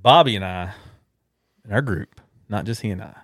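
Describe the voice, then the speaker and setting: A man's voice: fairly low pitch, expressive, moderate pace, fairly bright tone, dry recording, studio quality. A man hosting a fishing podcast, recapping a trip in easygoing, joking chat. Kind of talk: casual chat.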